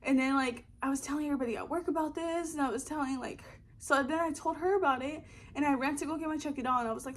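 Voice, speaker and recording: A woman's voice: high-pitched, quick pace. Rambling young woman telling a story. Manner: rambling, swears freely. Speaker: vlogger. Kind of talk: casual storytelling. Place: her apartment. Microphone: camera in front of her.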